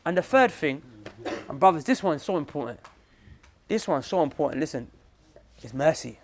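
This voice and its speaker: A young man giving a lively talk to a group as a Muslim preacher, using slang, repeating himself and addressing his listeners directly. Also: a little high, moderate pace.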